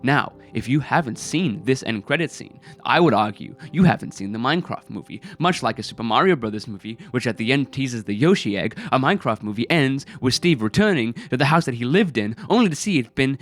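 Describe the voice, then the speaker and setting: A man's voice: mid-range voice, expressive, a little fast, few pauses, soft background music. A man giving casual film commentary in a rambling, incredulous way, with many fillers. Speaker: film review video creator.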